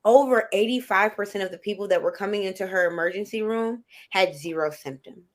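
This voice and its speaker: A woman's voice: mid-range voice, brisk. A woman guest in casual conversation, talking earnestly and acting out what her clients say. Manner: earnest, animated, acts out quoted clients. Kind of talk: casual chat.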